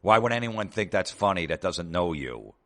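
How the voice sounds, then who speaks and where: Male comic host, very low voice, exasperated profane rant. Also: sing-song, moderate pace, a bit bright. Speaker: comedian host. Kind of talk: comedic rant.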